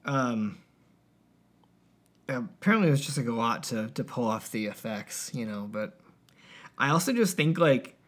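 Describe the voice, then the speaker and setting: A man's voice: mid-range voice, a little slow, long pauses. A man co-hosting a podcast, chatting in a rambling way full of fillers, a little sleepy. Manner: lively, rambling, lots of fillers. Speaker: podcast co-host. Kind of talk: casual chat.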